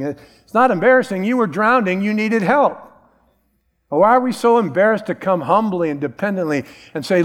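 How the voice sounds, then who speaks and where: Middle-aged pastor preaching in a reverberant hall. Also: male voice, sits high, animated, moderate pace. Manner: emphatic preaching, repeats key phrases. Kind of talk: sermon.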